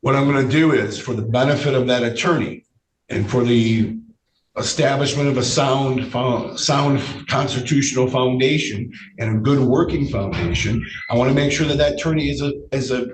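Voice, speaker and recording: A male judge with a voice he says is giving out, speaking in a measured way, often repeating phrases and using fillers during a courtroom hearing. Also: mid-range voice. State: losing his voice. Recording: echoey room, distant mic, faint noise.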